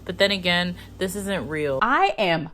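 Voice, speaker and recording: A woman ranting casually to her camera, loud and profane. Her voice leaps high when she gets worked up, then drops low and quiet. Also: a little slow. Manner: animated, profane, ranting with big pitch jumps. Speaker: video creator. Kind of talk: casual commentary vlog.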